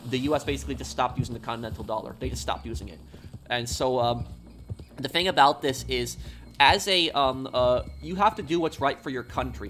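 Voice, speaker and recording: A man streaming a game, talking casually in a rambling way, with many ums, uhs and restarts. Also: medium pitch. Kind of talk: casual live-stream talk. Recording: steady background noise.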